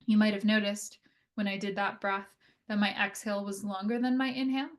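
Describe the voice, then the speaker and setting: A woman occupational therapist talks through a health lecture in an easygoing, conversational way, often checking in with "right?" and "like". Her pitch sits in the middle of the usual range for a woman. She slows her pace when she walks listeners through slow breathing. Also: level tone. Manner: conversational, frequent "right?" and "like" fillers. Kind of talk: casual educational lecture.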